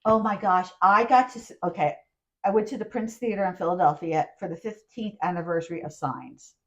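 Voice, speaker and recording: A woman co-hosting a casual podcast chat, telling animated stories with frequent laughs. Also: lowish voice, fairly quick. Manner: animated storyteller, laughs often. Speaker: podcast co-host. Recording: dull lo-fi sound.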